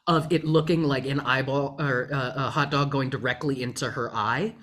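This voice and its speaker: A man's voice: mid-range voice, fairly even intonation, normal speed, fairly bright tone. A male actor telling stories in an easygoing, jokey way during a casual interview.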